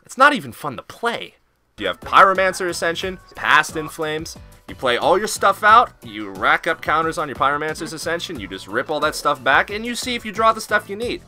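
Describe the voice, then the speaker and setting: A man's voice: on the high side, big pitch swings, a little fast, bright, forceful tone, faint music behind. A man hosting casual commentary on a card game, joking, swearing and breaking into goofy asides. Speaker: host.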